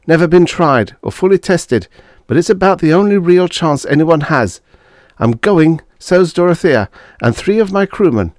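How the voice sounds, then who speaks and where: Urgent young space officer, lifted pitch, clipped delivery, read by a man. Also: expressive, normal speed, a little mellow, no echo, studio quality, close to an everyday voice.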